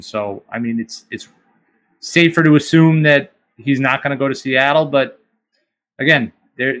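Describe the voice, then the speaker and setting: A man's voice: medium pitch, fairly bright tone. Man talking hockey trades casually. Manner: analytical, hedging with ums. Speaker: podcast co-host. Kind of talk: casual sports chat.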